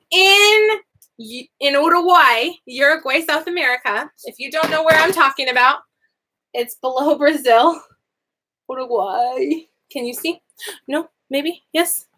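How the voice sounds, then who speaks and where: A young woman gives a lesson in a high, lively voice, laughing often as she explains. Her tone is bright and clear. She leaps up in pitch whenever she acts out an example phrase. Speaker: language teacher. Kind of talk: animated lesson to camera.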